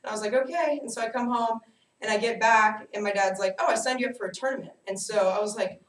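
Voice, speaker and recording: A young adult woman giving a personal storytelling speech to a class, animated and self-mocking as she tells her stories. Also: a little high, fast. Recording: echoey room, distant mic, faint hiss.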